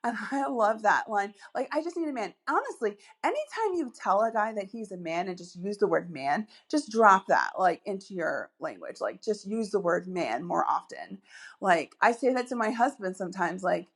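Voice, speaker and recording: A woman's voice: mid-range voice, expressive, normal speed, husky. A woman hosting a solo podcast as a dating coach, chatty and upbeat, with many asides and fillers.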